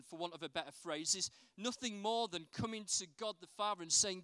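A man delivers a sermon in a high, clear voice, telling anecdotes and asking the listeners rhetorical questions. The recording is dry and close, with no room echo. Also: a little fast, few pauses. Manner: animated storytelling with rhetorical questions. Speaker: preacher.

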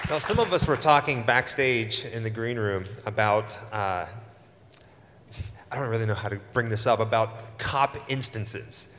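A man moderating a convention panel, asking long, halting questions with fan enthusiasm. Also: on the low side, fairly bright tone, some chatter behind. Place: large convention stage hall. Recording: reverberant hall, faint noise.

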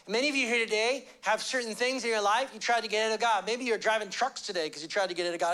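A male pastor giving a conversational sermon, acting out quick little voices and shifting his pace and pitch a lot. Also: pushed and bright.

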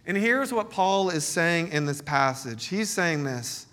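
Bright-voiced storytelling pastor. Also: male voice, a little high, unhurried, few pauses. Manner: storytelling, joking, animated. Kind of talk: sermon. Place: church meeting space.

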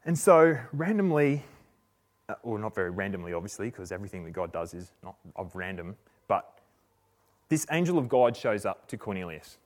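A man preaching a sermon, retelling a story in a relaxed, chatty way with slang and frequent restarts. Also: fairly low pitch, normal speed.

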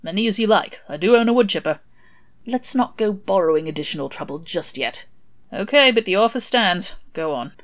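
A woman's voice: medium pitch, expressive, fairly quick, voice pushed up, close to an everyday voice. A woman voicing a sly, sardonic male demon with a dry, drawling way of talking.

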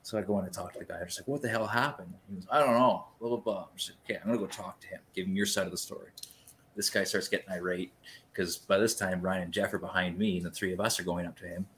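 Low-voiced man telling a rowdy story. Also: racing, slight background noise. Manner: rambling, profane, lively retelling. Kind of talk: casual storytelling.

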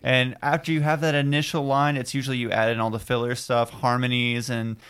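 A man's voice: medium pitch, flat delivery, fairly quick, fairly bright tone, smooth. Easygoing male singer on a podcast, talks through his process in loose rambling sentences. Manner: rambling, laid-back. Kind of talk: casual podcast chat.

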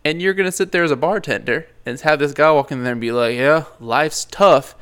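A man's voice: on the high side, animated, fast talker, fairly bright tone, smooth. A man chatting casually about a movie, rambling with lots of fillers and jokes. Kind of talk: casual movie review chat.

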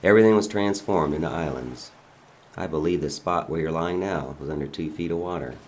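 A man reading a dramatic monologue as a father who calmly taunts a bound governor, his manner quiet, mocking and menacing. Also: a bass voice, fairly quick.

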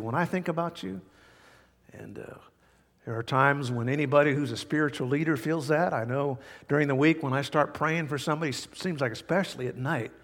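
A man preaching a sermon as pastor, animated and passionate, voicing scripture quotes with emphasis. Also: fairly high pitch, in a large hall.

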